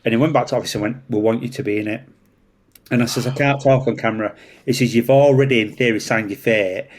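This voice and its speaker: A man with a Yorkshire accent, a traffic police officer telling a story in casual chat, animated and swearing freely. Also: medium pitch, fast talker. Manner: animated, swears freely, acts out voices in anecdotes.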